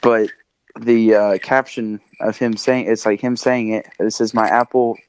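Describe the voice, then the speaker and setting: A young man co-hosting a podcast, playful and teasing, quick to laugh. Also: lowish voice, little pitch movement, darkish tone, clear, resonant tone, low-quality recording. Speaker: podcast co-host. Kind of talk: casual chat.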